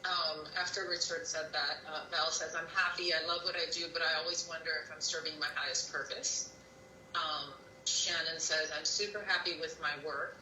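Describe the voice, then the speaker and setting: A woman's voice: sits low, steady tone, moderate pace, sharp tone, recorded from a distance, a little hiss or hum. A woman co-hosting a live stream, chattily reading viewer comments aloud. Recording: roomy sound from off-mic.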